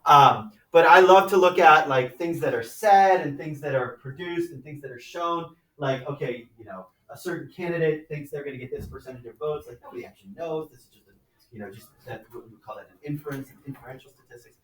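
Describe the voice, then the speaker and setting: A man teaching a high school math class, lecturing conversationally and often checking in with "right?" and "okay?". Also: brisk, fairly bright tone, distant mic. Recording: echoey classroom, mic from afar.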